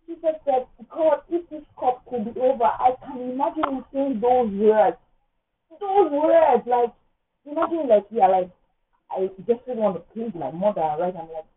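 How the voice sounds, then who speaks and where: A woman's voice: fairly high pitch, expressive, normal speed. A woman, sharing an emotional personal testimony in an earnest, rambling way. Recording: tinny phone-like audio.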